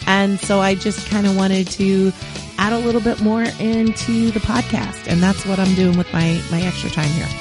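A podcast host with a hoarse voice, chatting casually and eagerly about a film they loved and urging listeners to watch it. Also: medium pitch, fairly even intonation, normal speed, music in the background. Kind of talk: casual movie review chat.

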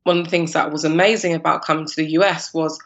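Lively London woman telling her story. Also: low-pitched, quick pace, muffled recording. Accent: London English. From East London, England. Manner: animated, laughing, acts out her past self in quotes. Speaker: guest, cupcake business founder. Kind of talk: podcast interview storytelling.

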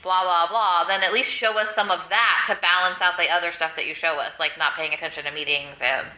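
A woman's voice: on the low side, steady tone, fairly quick, bright, forceful tone. A woman co-hosting a casual TV podcast, rambling with lots of "like". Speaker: podcast co-host. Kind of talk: casual chat. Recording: roomy echo.

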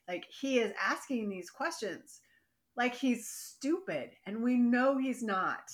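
Podcast co-host, woman, lively and worked up, acts out scenes while she recaps. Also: medium pitch, measured pace. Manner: animated, exasperated, acts out characters' lines. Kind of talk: casual chat recap.

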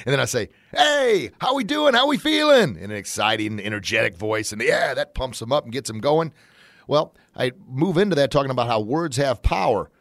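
Energetic folksy man hosting a motivational show. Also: fairly low pitch, creaky, no echo. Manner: energetic, folksy, bursts into excited shouts when acting out examples. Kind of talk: upbeat motivational monologue.

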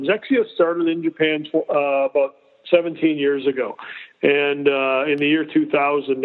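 50s guy on a phone line, kinda high voice, explains stuff, lots of restarts. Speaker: golf company executive guest. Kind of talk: casual interview.

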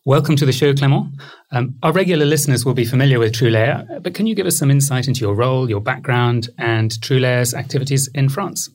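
A man's voice: medium pitch, fast talker, hardly any pauses. A man hosting a podcast, friendly and self-deprecating, with a few fillers. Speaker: podcast host.

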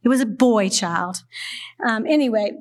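An older woman sharing a personal testimony with a group, speaking in an earnest, halting way with restarts and soft laughs. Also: on the high side.

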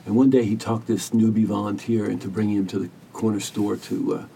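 Podcast guest: a man with a low, gravelly, mellow voice, gentle and earnest, heard a bit off-mic over a faint rumble. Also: little pitch movement, distant mic. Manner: earnest, gentle, measured storytelling. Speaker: hospice caregiver, podcast guest. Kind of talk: reflective storytelling interview.

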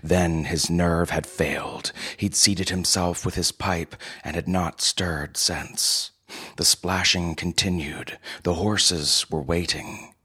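A male storyteller reading in a steady, measured way. His voice is very deep and noticeably husky. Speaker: narrator. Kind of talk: audiobook story narration.

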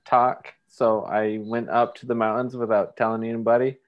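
A man's voice: mid-range voice, level tone, moderate pace. A man from Orange County, California, telling a rambling anecdote with many fillers on a casual group call. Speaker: podcast guest. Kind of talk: casual chat. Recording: dull lo-fi call audio.

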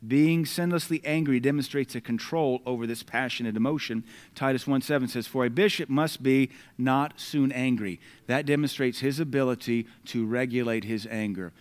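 In a middle-pitched voice and an American accent, a man preaches, reading scripture in loud, emphatic bursts. Between the readings he relaxes into conversational asides directed at the congregation.

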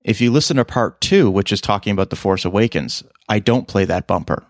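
Man, podcast host, casual chat, animated storyteller, dry close sound. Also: fairly quick, dry recording. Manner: animated storyteller, voice jumps high for quoted lines.

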